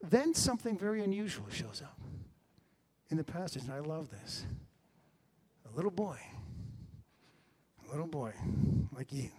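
A middle-aged man delivers a sermon in a voice a little higher than most men's. He tells the story with animation, rising and falling between loud and hushed moments. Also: big pitch swings, normal speed, pauses often, husky. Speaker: preacher.

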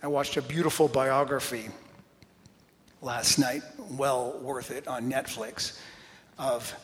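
A man preaching a sermon, telling animated stories, talking straight to the congregation and dropping to a whisper for emphasis. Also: mid-range voice, slow. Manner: animated storytelling, talks to the congregation directly. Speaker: pastor. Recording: long reverb in a large hall.

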